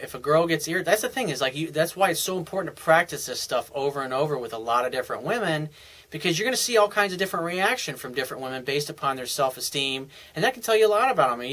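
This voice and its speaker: A man's voice: fairly high pitch, fairly bright tone, rough recording. A man giving casual, blunt dating advice as a coach, answering a viewer's email in a conversational monologue.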